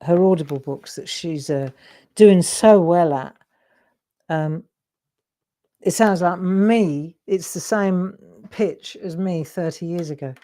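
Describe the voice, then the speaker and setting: A middle-aged craft demonstrator and host chats casually while she draws live, rambling and breaking into her own sentences. She speaks slowly in a lowish voice with a dark tone.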